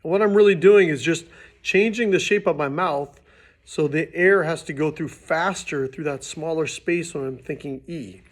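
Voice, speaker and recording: A man's voice: fairly high pitch, normal speed. A man teaching beginners trumpet basics, explaining patiently in a plain, casual way with the odd restart. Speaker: music teacher. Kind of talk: instructional demonstration.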